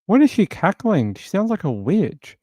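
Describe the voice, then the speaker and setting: A man's voice: high voice, huge pitch swings, normal speed, mellow, slightly rough, no room sound, clean studio sound. A man hosting a true crime stream, mocking a news clip with sarcastic rhetorical questions. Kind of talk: live commentary on a news clip.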